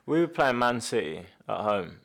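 A man who used to play football, telling stories in relaxed podcast chat with lots of fillers. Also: mid-range voice, normal speed, over a noisy crowd. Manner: relaxed storytelling with many fillers. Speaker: former footballer, guest.

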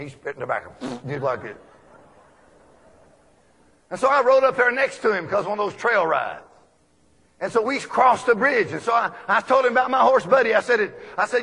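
A man from Texas, preaching a folksy storytelling sermon full of animated anecdotes. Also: very high-pitched, a little fast, vocal fry, breathy edge. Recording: long echoey hall reverb.

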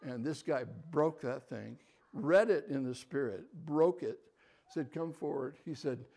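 Older man telling lively stories. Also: fairly high pitch, a little slow. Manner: lively, swings from quiet asides to loud animated bursts. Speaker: guest speaker. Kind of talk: personal storytelling talk.

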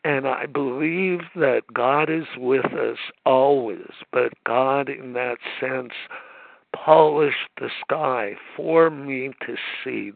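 A man shares his recovery story at a phone meeting, nervous and emotional, stopping and restarting often. He talks slowly, and his voice is heavy with gravel and creak. The line is thin and phone-like, with a dry, close sound. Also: medium pitch, no echo. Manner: halting, emotional, many restarts and pauses.

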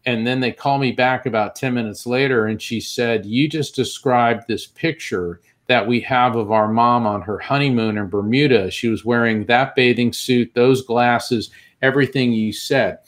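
A man tells his story with lively energy and slips into the voices of the people in it. His voice sits in an ordinary middle pitch and he talks at an easy conversational pace, sometimes speeding up. He sounds like a guest talking in an interview. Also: normal speed, few pauses. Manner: animated storyteller, acts out quoted voices. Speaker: guest, medium.

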